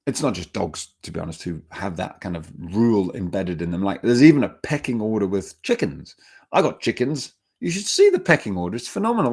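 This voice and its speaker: A man with a somewhat low voice teaches a dog-training seminar. He talks emphatically and lively, and he acts out little everyday scenes to make his points. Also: vocal fry, breathy edge. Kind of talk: seminar talk.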